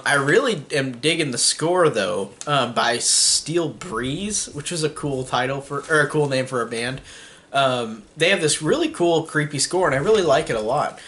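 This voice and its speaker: A man's voice: medium pitch, fairly bright tone. A young man giving a casual spoken movie review, rambling with many fillers and restarts.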